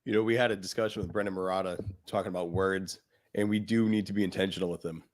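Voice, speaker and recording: Reflective low-voiced podcast co-host man. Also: steady tone, quick pace. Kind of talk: casual podcast chat.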